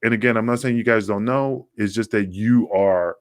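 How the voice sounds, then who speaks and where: A man co-hosting a podcast, telling rambling, animated stories in a casual chat. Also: lowish voice, normal speed, dry recording, clean studio sound. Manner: rambling, animated storytelling with acted quotes. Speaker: podcast co-host, former wrestler.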